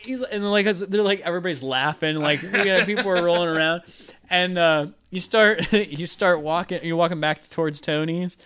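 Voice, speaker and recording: Guy running a tabletop game, high voice, rambly, says like a lot. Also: moderate pace, a bit bright, clean tone. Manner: rambling, lots of filler likes, laughs often. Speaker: game master.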